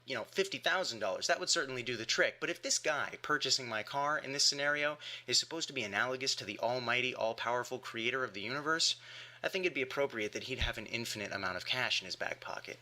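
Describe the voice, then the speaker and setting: Forceful emphatic male commentator. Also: medium pitch, lively intonation, quick pace. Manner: emphatic, rhetorical questioning. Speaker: atheist commentator. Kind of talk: argumentative rebuttal monologue.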